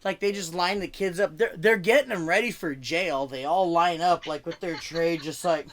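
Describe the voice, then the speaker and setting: This stand-up comic rambles casually through his set on a video call mic, saying "like" constantly and restarting lines. His voice is on the high side and a bit bright, at a moderate pace, with slight background noise.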